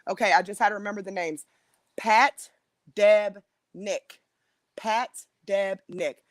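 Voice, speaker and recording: A woman's voice: medium pitch, steady tone, slow pace, pauses often, no room sound. A middle-aged woman, hosting a livestream in a casual, rambling way with plenty of fillers and restarts. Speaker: livestream host.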